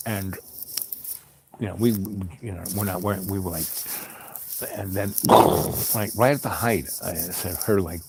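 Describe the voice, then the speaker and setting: A man host telling a personal story in a calm, wry, rambling way with many fillers. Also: deep voice, moderate pace, vocal fry, heavy background noise. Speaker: podcast host.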